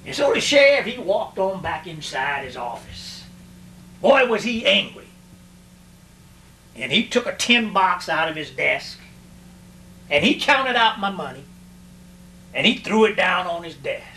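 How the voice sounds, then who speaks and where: A man telling a first-person western story in an animated, repetitive, drawling way, recorded in an echoey room away from the mic with a faint hum. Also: high-pitched, measured pace, long pauses, recorded from a distance.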